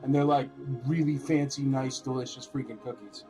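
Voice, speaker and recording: A man's voice: mid-range voice, fairly even intonation, normal speed, warm tone, soft background music. A man hosting a casual live-stream auction, chatty and rambling with lots of filler words.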